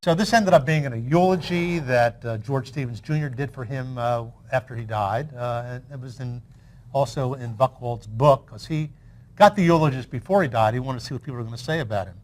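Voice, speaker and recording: A man's voice: medium pitch, a little fast. An older man who is the guest in an interview, reminiscing in a chatty storytelling way with frequent restarts.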